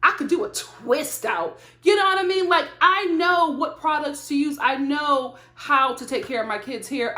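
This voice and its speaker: A woman reviewing a reality TV show in casual commentary to the camera, animated and exclaiming in disbelief, recorded in a room at home. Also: high-pitched, moderate pace, few pauses. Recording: roomy echo.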